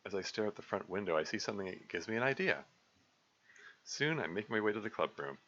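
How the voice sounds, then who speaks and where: Bright-voiced halting male game reader. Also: fairly low pitch, expressive, lo-fi sound. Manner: halting, filler-heavy, self-interrupting. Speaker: game mod developer and reader. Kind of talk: visual novel reading with commentary.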